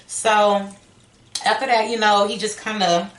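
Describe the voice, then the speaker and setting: A woman telling a true-crime story casually, as if to a friend, and slipping into quick impressions of the people in it. Her pitch sits in a middle range. The room adds a clear echo and a faint hiss. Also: steady tone. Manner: chatty, acts out quotes.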